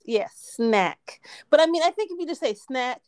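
A woman with a high, bright voice chats casually with her co-host. She laughs a lot and teases playfully. The recording is close and dry, with no room sound. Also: lively intonation, normal speed, no echo. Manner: laughs often, playful teasing. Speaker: podcast co-host. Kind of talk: casual chat.

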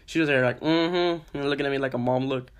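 A man's voice: mid-range voice, level tone, racing. A young man co-hosting a casual podcast, telling a story with lots of swearing and "I was like" quotes. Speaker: podcast co-host.

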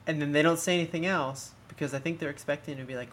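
A man in casual chat, retelling awkward exchanges in a wry, deadpan way. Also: fairly high pitch, fast, slight background noise.

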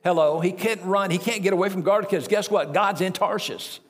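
A man's voice: high voice, brisk. A man preaching a sermon as pastor, reading scripture aloud and breaking off into conversational asides to the congregation.

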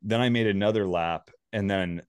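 A man's voice: fairly low pitch, moderate pace, no echo, clean studio sound. A man casually telling a personal story, rambling and swearing freely.

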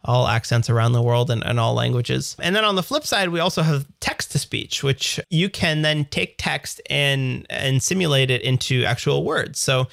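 A man's voice: medium pitch, lively intonation, moderate pace, creaky, hardly any pauses, a bit bright, no room sound, studio quality. A Canadian man in his thirties co-hosting a podcast, explaining things in an upbeat, jokey way with lots of examples. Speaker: podcast co-host. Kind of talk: casual tech chat.

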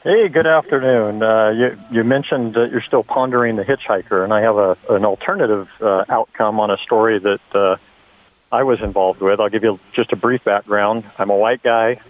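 A man's voice: fairly low pitch, steady tone, moderate pace. Earnest man calling in on a phone line. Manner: earnest, storytelling with many fillers. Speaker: caller. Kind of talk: phone-in story.

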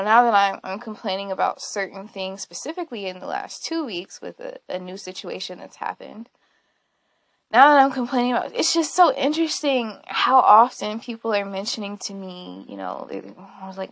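Chatty woman doing a solo podcast, kinda gravelly, swears a lot, laughs a lot, rambles. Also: on the high side, no echo. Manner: candid, rambling, laughs often, swears casually. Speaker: podcast host. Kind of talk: casual solo podcast monologue.

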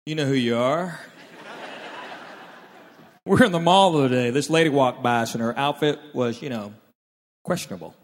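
A stand-up comedian at moderate pace, medium in pitch and given to long pauses, animatedly tells stories and acts out his relatives' dialogue. He performs live in a large hall, and the recording is reverberant with faint room noise.

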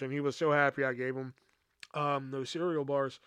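A man's voice: medium pitch, fairly even intonation, fast talker, a bit bright, smooth, no echo, studio quality. A man hosting a podcast, telling a rambling, profane story about an old job and acting out the people in it. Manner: rambling, profane, acts out quotes. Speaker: podcast host. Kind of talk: casual storytelling.

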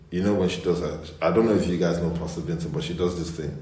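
A young man with a low, deep voice chats casually with his online church group as their pastor. He tells stories with energy and slips into the voices of the people in them. The sound is roomy and echoey. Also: fast. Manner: animated storytelling with mimicked voices. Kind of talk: casual online livestream chat. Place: indoors at home. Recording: roomy echo.

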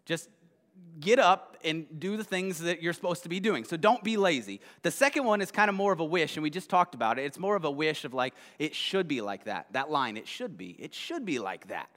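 A male pastor giving a casual sermon, retelling a children's story in a conversational way and often checking in with a quick "right?". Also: a little high, expressive, fairly bright tone. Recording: long hall reverb.

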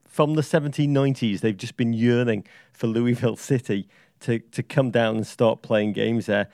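A man with a gravelly, creaky edge to his voice, chatting as a podcast co-host. He tells stories in a rambling, excitable way. The sound is close and dry, with no room around it. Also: medium pitch, normal speed, no echo. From England. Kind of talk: casual chat.

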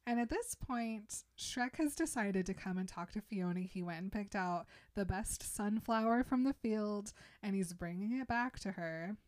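A young woman in casual chat, animatedly retelling a film and slipping in quick voices for its characters. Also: medium pitch, lively intonation, darkish tone. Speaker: podcast co-host retelling a film.

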